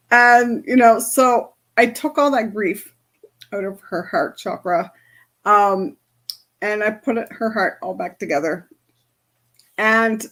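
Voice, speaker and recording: A woman who works as an energy healer, giving a casual spoken lesson on chakras and telling a story from her practice, with many fillers. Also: mid-range voice.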